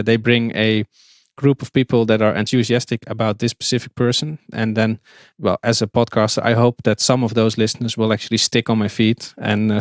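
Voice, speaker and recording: A man's voice: mid-range voice, no echo, clean studio sound. A man with a Dutch accent, a podcast guest in a casual interview, speaking hesitantly with many fillers and restarts. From Netherlands.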